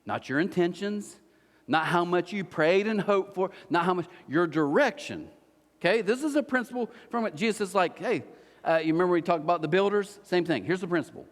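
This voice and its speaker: The man's voice sits high and moves a little fast as he preaches as pastor in a large church hall. His storytelling is animated, with acted-out voices for the people in his tales, and the recording carries the hall's echo.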